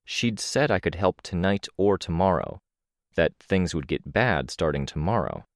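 A man narrating a first-person audiobook in a measured, even storytelling manner. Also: low-pitched, no echo, studio quality.

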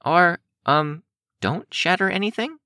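A frightened young heroine , played by a male narrator, hesitant and halting, her voice set well above his own and a little distant. It is a dry audiobook recording. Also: sits high, bright, forceful tone, no room sound, voice pushed up, exaggerated voice. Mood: nervous. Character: young woman hero, frightened but brave.

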